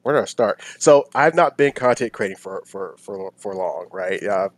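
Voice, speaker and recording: A man's voice: on the low side, expressive, moderate pace, no room sound. A man answering as a guest in a casual podcast interview, upbeat and talkative with many fillers, on a call mic. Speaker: featured guest streamer.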